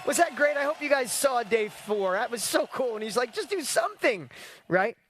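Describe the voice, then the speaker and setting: A man hosting an online business challenge, talking in a casual, energetic motivational style and often asking his audience rhetorical questions. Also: very high voice, brisk. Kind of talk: casual motivational livestream talk.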